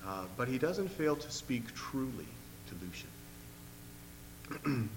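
A man preaching a sermon and retelling a story, in an earnest, measured way, often clearing his throat, recorded in a long-echoing hall with a faint hum. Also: medium pitch, big pitch swings.

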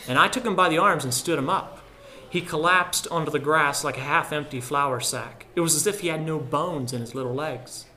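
A man narrating a literary story in a measured, reflective way. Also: fairly high pitch. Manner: measured and reflective, dropping softer at solemn lines. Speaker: audiobook narrator.

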